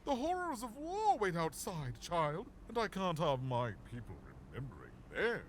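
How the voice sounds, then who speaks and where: An actor playing a snobby, pompous young duke in a video game, with a haughty, drawling, theatrical manner. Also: male voice, high-pitched, wildly swooping pitch, moderate pace, full character voice. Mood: dismissive.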